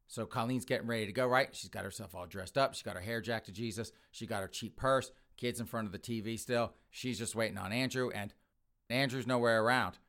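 A podcast host telling a crude comic story in a brash, rambling way. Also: male voice, lowish voice, brisk, fairly bright tone.

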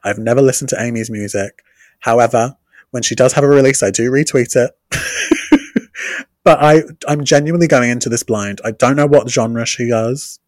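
A man's voice: mid-range voice, normal speed, a little mellow, no room sound, clean studio sound. A man co-hosting a podcast, joking and swearing in casual chat. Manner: wisecracking, sweary. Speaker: podcast co-host.

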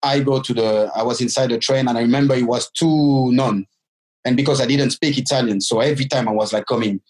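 A man, in his forties, tells a story from his own life. He talks casually and haltingly, restarting and filling his sentences as he goes. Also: mid-range voice, fairly even intonation, darkish tone, poor audio. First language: French. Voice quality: halting, with many restarts and fillers.

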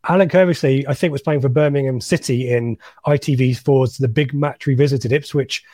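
A man's voice: mid-range voice, fairly even intonation, a little fast, a little mellow, no echo, studio quality. Chatty man hosting a football talk show. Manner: chatty, jokey, reads listener comments. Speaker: podcast host. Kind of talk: casual football fan chat.

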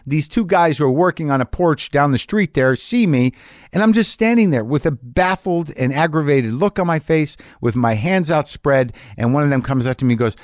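A man's voice: fairly high pitch, no echo. A man hosting a podcast from a garage studio, telling a rambling, self-deprecating story with plenty of swearing. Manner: profane, self-deprecating, restless. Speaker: podcast host. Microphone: studio mic with headphones. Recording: dry, close studio sound.

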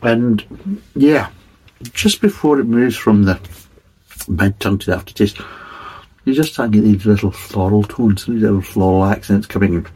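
Casting: man, lowish husky voice, rambling beer reviewer who keeps qualifying himself. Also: expressive, normal speed, long pauses, darkish tone, low-quality recording. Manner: rambling, hedging, many restarts. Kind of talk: casual tasting review.

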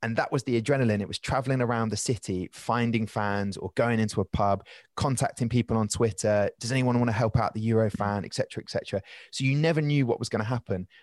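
A man trades stories on a podcast, rambling and animated and prone to quick asides. His voice sits in an ordinary middle register. It is recorded close and dry, with no room sound. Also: mid-range voice, dry recording. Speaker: podcast guest. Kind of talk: casual storytelling chat.

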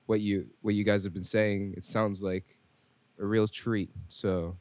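A man's voice: on the low side, little pitch movement, a little slow, darkish tone, dry recording. Laid-back rambling man, dry muffled sound. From Singapore. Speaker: podcast host. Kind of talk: casual podcast chat. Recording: dry, dull lo-fi audio.

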